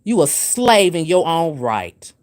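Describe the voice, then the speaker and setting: A woman's voice: deep voice, big pitch swings, slow pace, a little mellow. Preachy woman scolding on a livestream. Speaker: spiritual livestream host. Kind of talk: livestream rant answering comments.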